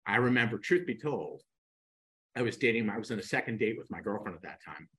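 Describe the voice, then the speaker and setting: A man in his sixties, a podcast guest, telling animated stories and acting out the dialogue. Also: on the low side, fairly quick, breathy edge, poor audio. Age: 60s. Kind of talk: storytelling in a podcast interview.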